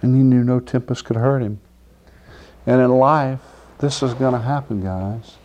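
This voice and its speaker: Man, informal sermon, mid-pitched voice, chatty, checks in with listeners. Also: fairly even intonation, moderate pace, darkish tone. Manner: conversational, asks "do you understand?" often; acts out quoted figures with laughter. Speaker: preacher. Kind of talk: informal sermon with scripture reading.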